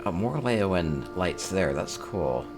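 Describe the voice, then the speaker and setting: Man, very low voice, casual game tour host, upbeat, thinking aloud. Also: sing-song, takes it slowly, over music. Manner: chatty, upbeat, thinks aloud with small chuckles. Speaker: host touring player homes in a game. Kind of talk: casual gameplay commentary.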